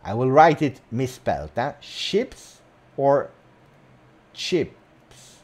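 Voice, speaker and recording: A man's voice: medium pitch, sing-song, drawn-out words, a little mellow, slightly rough. A man hosting a casual livestream chat, teasing and repeating words for effect. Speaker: host of a football fan channel.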